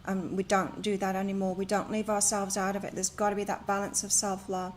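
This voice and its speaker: Streaming live from her home, a tarot and oracle card reader gives spiritual advice while chatting and rambling. Her mid-range voice is brisk with a flat delivery, and there's slight background noise.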